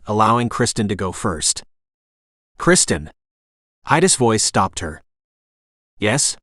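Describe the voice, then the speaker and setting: A man reads a romance audiobook in a calm, even voice and gives the dialogue a gentle touch. His pitch sits in the middle of the range, and the recording is dry and close, with no room sound. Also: dry recording. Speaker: audiobook narrator. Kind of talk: scripted romance narration.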